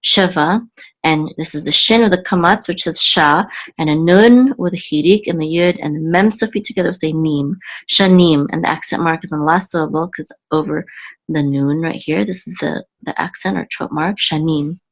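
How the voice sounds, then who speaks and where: A woman teaching Hebrew reading word by word in a patient, halting way, thinking aloud with frequent ums and self-corrections. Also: low-pitched, rough recording.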